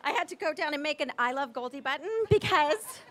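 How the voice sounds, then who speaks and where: A woman in her forties giving an emotional public tribute speech, gushing and excited, close to tears at times. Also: high voice. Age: 40s. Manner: gushing, excited and teary, quick asides. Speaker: tribute speaker at a ceremony.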